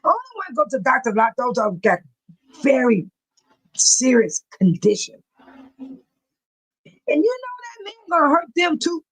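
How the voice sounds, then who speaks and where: A woman's voice: high voice, big pitch swings, breathy edge, low-quality recording. A middle-aged woman hosting a casual livestream, chatting animatedly with her viewers and reading comments and news aloud. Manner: reads news aloud haltingly.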